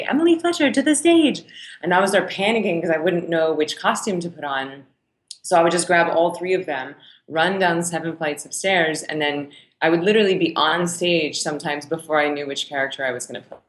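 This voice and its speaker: Guest: thirties woman, low voice, animated storyteller, recorded in echoey room. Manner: animated storyteller, laughs between phrases. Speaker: guest, meditation teacher. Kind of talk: casual interview storytelling. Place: her studio.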